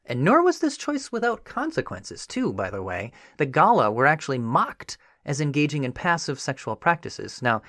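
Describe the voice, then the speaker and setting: A man's voice: fairly high pitch, moderate pace, hardly any pauses, no room sound, studio quality. A man hosting a history podcast, narrating a script in a conversational way with frequent asides. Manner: conversational, animated, with frequent "you know" asides. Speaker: podcast host.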